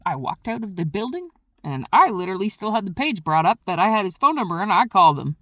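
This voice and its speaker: A woman's voice: medium pitch, quick pace, no room sound. A woman vlogger casually telling a rambling story, acting out what she said at the time. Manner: rambling, animated, acts out her own past lines.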